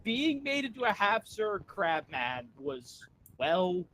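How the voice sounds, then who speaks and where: Lively goofy co-host riffing on fanfic jokes. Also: medium pitch, slow pace. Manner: playful, riffs on jokes. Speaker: fanfiction commentator. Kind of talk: casual commentary.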